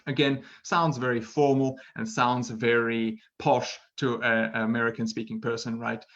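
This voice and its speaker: A man gives a relaxed online English lesson in an ordinary mid-pitched voice. He talks chattily and encouragingly, checking in with listeners again and again. The audio is a little dull and lo-fi. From Britain. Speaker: English teacher.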